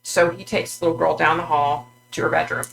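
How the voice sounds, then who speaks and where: A woman vlogger recounting a psychic vision in a halting way, with many fillers and restarts. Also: sits low, flat delivery, creaky, poor audio.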